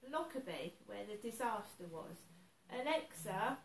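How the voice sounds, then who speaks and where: A woman's voice: medium pitch, unhurried. Anxious woman in an echoey room. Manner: worried, repeats herself, hesitant. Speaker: vlogger. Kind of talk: anxious personal vlog. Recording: echoey room, voice a bit far from mic, faint noise.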